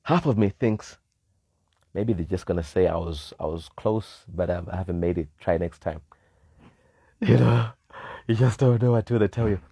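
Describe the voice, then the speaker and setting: A man with a lowish voice tells a story from his own life in an easy, chatty way. He is animated, laughs a lot and slips into the voices of the people in his tale. The sound is dry and close. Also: moderate pace, vocal fry, long pauses, breathy edge, no echo. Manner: animated, laughs often, acts out quoted voices. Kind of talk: casual storytelling. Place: live stream.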